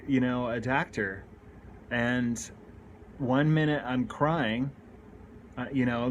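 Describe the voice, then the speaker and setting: A man in his thirties speaks candidly into the camera and tells a confessional story from his own life. His voice sits at an ordinary middle pitch, and he talks in earnest with frequent restarts and repeated words. A faint hiss of noise runs under the recording. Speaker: recovery speaker.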